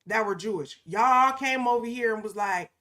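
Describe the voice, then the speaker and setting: A woman's voice: fairly high pitch, normal speed, bright, forceful tone. A woman co-hosting a podcast in casual, emphatic conversation, often punctuating her points with "okay?" and slipping into mocking quoted asides. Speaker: podcast co-host.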